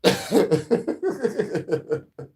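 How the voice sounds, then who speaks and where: Brief: male streamer, casual slangy commentary, swears and laughs a lot, lively voice that swings up and down. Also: sits high, extremely slow. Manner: laughing often, profane, loose slangy talk. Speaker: commentary streamer reacting to a video.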